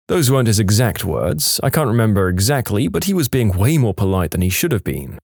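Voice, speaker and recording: A man's voice: medium pitch, brisk, few pauses, dry recording, clean studio sound. A man reading funny short stories aloud as a narrator, with wry asides and acted-out quotes. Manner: lively storytelling, acts out quotes, wry asides. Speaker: storytime narrator.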